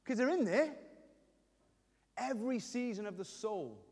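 A man's voice: very high-pitched, animated, a little slow, a little mellow, long reverb tail. A middle-aged man preaching a sermon, emotionally acting out prayers and speaking to the congregation. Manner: emotional, voicing prayers aloud with rising intensity. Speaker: pastor.

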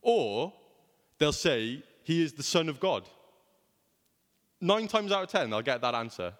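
A man's voice: on the high side, very animated, moderate pace, fairly bright tone, big-room sound. A young man preaching a sermon in a conversational way, often asking rhetorical questions.

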